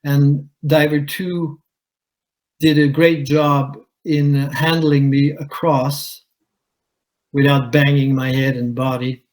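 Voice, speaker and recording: A man, a commercial diver, telling his own story at a conference in a measured way, with pauses. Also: on the high side, flat delivery, poor audio. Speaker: commercial diver giving a talk. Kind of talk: conference presentation, personal account. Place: conference hall.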